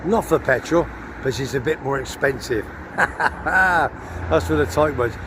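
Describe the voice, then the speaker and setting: A man's voice: medium pitch, unhurried. Chatty older English man outdoors. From Gloucestershire, England. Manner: chatty, cheeky, self-promoting. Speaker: vlogger. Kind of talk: rambling casual vlog. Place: outdoors on town streets. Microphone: handheld phone. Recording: noisy outdoor phone audio. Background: traffic and street noise.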